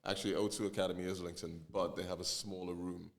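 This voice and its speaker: Deep-voiced Nigerian-born musician chatting. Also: male voice, fast, vocal fry. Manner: relaxed, hesitant, many fillers and restarts. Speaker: musician guest. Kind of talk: casual podcast chat.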